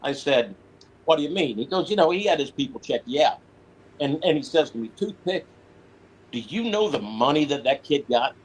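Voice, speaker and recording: A man's voice: fairly high pitch, normal speed, slightly rough, low-quality recording. A man, a former prisoner, telling stories in a casual interview, quoting others as he goes. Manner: animated storyteller, quotes others in voice.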